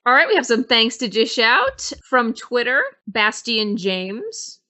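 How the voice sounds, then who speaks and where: Bright, giggly woman podcast co-host. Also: a little high, very animated, slow. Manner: giggly, reading out listener thanks. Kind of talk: casual podcast chat.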